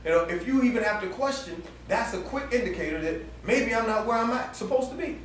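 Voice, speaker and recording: Animated preacher man, high voice, echoey hall. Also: brisk, a little hiss or hum. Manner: animated, laughing storyteller with colloquial speech. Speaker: campus ministry preacher. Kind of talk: storytelling sermon. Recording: echoey room heard from far off.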